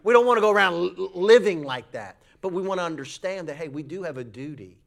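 A man preaching a sermon, telling a folksy story with animated voices for the people in it. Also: fast, creaky. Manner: folksy, animated storytelling with acted high-pitched quotes. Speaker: pastor.

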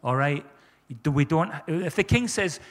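A man's voice: a little high, animated, a little slow, long reverb tail. A man preaching a sermon as pastor, fervent and repeating his phrases for emphasis.

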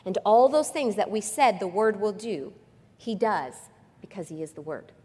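A woman preaching a sermon with passion, swinging from hushed, quiet passages to loud, lively ones. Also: mid-range voice, moderate pace, slightly rough. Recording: long reverb of a large hall.

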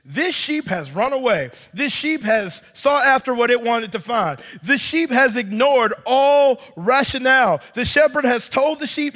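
Animated preacher man in a reverberant hall. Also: very high voice. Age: 30s. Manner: animated storytelling with quoted voices, addresses congregation as y'all. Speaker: pastor. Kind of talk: sermon. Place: church.

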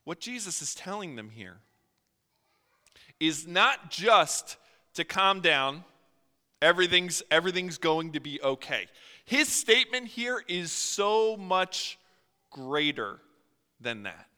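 A man's voice: sits high, sing-song, slow, long pauses, bright, forceful tone. A man preaching a sermon in earnest, his voice swelling and dropping for emphasis, in a church. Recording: reverberant hall.

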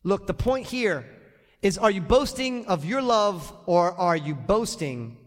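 Man preaching a sermon, high voice, animated and direct to the congregation, long church reverb. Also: measured pace. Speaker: pastor. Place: church sanctuary.

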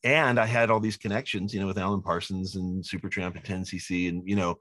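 Animated man telling film-industry stories. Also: deep voice, fast, no room sound. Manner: lively anecdotes, acts out quoted people, laughs. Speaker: film director, guest. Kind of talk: animated storytelling in an interview.

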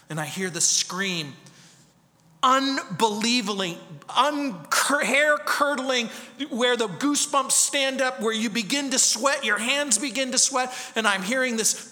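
A man in his fifties preaches a sermon and tells a story with drama, rising high, then sinking to a hush. His voice is very bright and fairly high. A long reverb trails off around him in a hall. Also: measured pace. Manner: dramatic storytelling, swinging from loud to hushed. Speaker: pastor.

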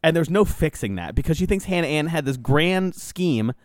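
A man casually retelling a reality show episode, swearing freely, speeding up and slowing down with many fillers. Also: a little high, no room sound, studio quality. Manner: animated, profane storytelling with lots of fillers.

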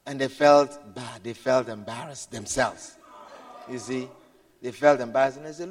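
A man preaching a sermon, swinging from hushed storytelling to shouted exclamations, repeating words and adding hallelujah and amen. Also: mid-range voice, moderate pace. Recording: long hall reverb.

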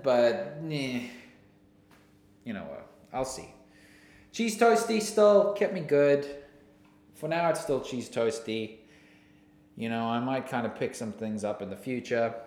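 Young male podcast host, goofy and rambling, high animated voice, roomy sound. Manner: goofy, jumps between silly voices and mumbling. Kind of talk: casual solo podcast rambling.

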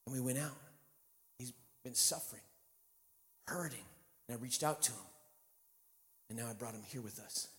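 A man in his fifties preaching a sermon as guest pastor, telling stories and building up to shouted preaching. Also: mid-range voice, normal speed, pauses often. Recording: long hall reverb.

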